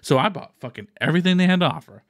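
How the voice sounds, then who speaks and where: A man's voice: fairly high pitch, very fast, no room sound, clean studio sound. A man from Texas co-hosting a podcast, telling a story in casual chat, swearing freely and acting out quoted voices. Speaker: podcast co-host.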